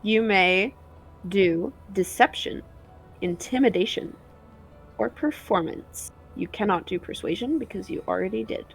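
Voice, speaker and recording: A woman narrating as game master of a tabletop game, halting with frequent fillers. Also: medium pitch, gravelly, husky, soft background music.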